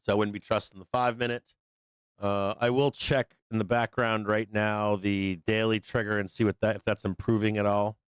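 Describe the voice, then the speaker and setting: A hoarse man hosting a live trading show, giving loose, profane, rambling market commentary on a close microphone. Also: lowish voice, little pitch movement, moderate pace, no room sound. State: hoarse, losing his voice.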